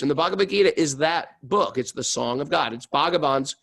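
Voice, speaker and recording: A man's voice: a little high, expressive, fairly quick, creaky, a bit bright, no room sound. A middle-aged man hosting a casual spiritual podcast, enthusiastic and self-deprecating, telling stories with animation. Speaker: podcast host.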